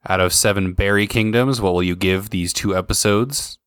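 Male podcast host, very low voice, laid-back, dry close recording. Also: moderate pace, smooth, dry recording. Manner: relaxed, swears casually, runs the ratings. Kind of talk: casual chat.

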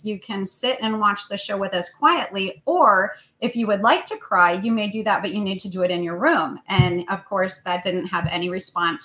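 Gentle woman telling a parenting story. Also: medium pitch, low-quality recording. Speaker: co-host. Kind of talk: casual parenting talk.

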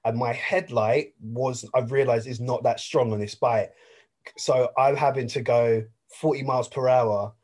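A man's voice: medium pitch, steady tone, measured pace, a little mellow. A young English man hosting a podcast, chatting casually and rambling through stories with lots of fillers. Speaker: podcast host. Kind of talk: casual chat.

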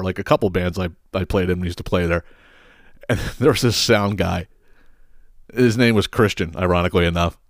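A man's voice: on the low side, no echo, studio quality. A middle-aged man who hosts a podcast, telling rambling, profane stories with frequent laughs and exasperation. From southeastern Pennsylvania. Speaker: podcast host. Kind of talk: casual solo podcast rant.

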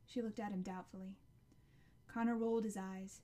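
A woman narrating a novel chapter as an audiobook, in a measured, expressive storytelling manner. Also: mid-range voice.

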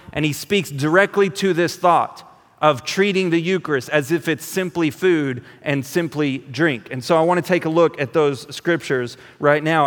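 A pastor with a fairly high voice preaches a sermon in an animated, conversational manner, often repeating words as he restarts. A long reverb tail follows his speech.

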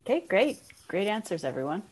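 A woman's voice: mid-range voice, sing-song, brisk, darkish tone, husky. A woman co-hosting a podcast in casual banter, dry and understated as she leads the questions. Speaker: podcast co-host.

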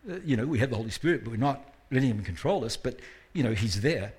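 Man, guest preacher, church sermon, conversational, husky voice, self-deprecating asides. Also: mid-range voice, animated, quick pace, a little mellow. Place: church service.

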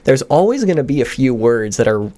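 A man's voice: mid-range voice, big pitch swings, brisk, warm tone. A young man and student actor musing thoughtfully in a radio studio interview, with a rambling way of talking. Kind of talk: casual interview chat.

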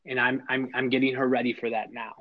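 A man's voice: medium pitch, flat delivery, fast. A middle-aged man, a podcast guest, telling personal stories in an earnest, emphatic way and often restarting his sentences. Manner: earnest, emphatic, repeats words when starting sentences. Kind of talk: heartfelt conversational storytelling. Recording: slightly dull lo-fi sound.

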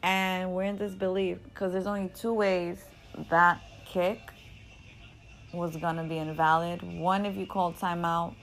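A woman casually telling a story in an animated, profane, slangy way, often laughing. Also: fairly low pitch, measured pace, poor audio. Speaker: storyteller recounting a game.

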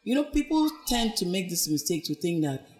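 A woman's voice: a little fast, faint music behind. A woman as a podcast guest, telling her personal story in an earnest, reflective way and animatedly acting out what others said. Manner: animated, acts out quoted speech with big pitch swings.

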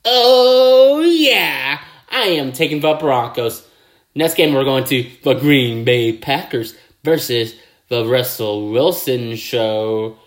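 Man, slow unhurried delivery, excitable, football picks host, catchphrases and sound effects. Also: medium pitch. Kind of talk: casual sports picks video.

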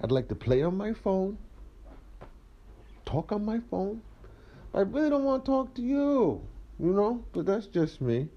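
A vlogger in his 30s wanders around his house in a rambling, comedic monologue, ranting with plenty of profanity. He speaks unhurriedly with frequent pauses, his animated voice swinging from high squeals to low mumbles, and the sound is lo-fi.

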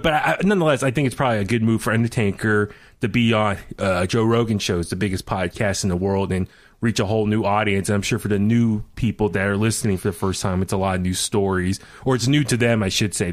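A man's voice: on the low side, steady tone, fast talker. A man hosting a casual wrestling talk podcast, rambling with many fillers and restarts and laughing often. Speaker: podcast host. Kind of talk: casual chat.

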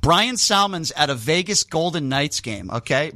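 A man's voice: on the high side, animated, no room sound, studio quality. A male radio talk show host chatting casually, self-deprecating in manner. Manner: fast, self-deprecating, bright delivery. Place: radio studio.

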